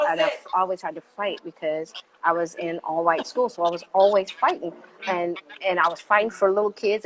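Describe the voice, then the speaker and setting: A woman's voice: on the low side, low-quality recording. A woman guest in a conversational interview, talking emphatically and with animation, pushing harder as she makes her points. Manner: emphatic and animated, gets louder when making a point.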